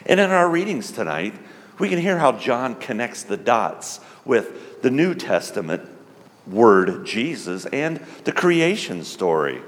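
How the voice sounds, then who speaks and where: A man preaching a sermon in a slow, emphatic way. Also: big-room sound. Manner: slow, emphatic, lively pitch.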